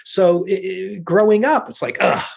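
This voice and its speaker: Chatty older American man, higher voice. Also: unhurried. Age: 60s. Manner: rambling, many restarts and fillers. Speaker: guest expert. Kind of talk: casual conversational interview.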